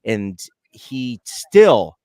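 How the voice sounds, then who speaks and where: A man's voice: fairly low pitch, sing-song, very slow, warm tone, no echo, clean studio sound. A man co-hosting a casual film commentary, chatty and laughing, hesitating with fillers. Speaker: podcast co-host.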